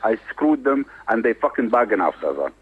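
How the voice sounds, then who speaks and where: A man's voice: medium pitch, big pitch swings, a little fast, slightly rough, no echo. A man on the phone making angry threats in broken English, swearing at every turn. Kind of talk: heated phone argument. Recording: tinny phone line.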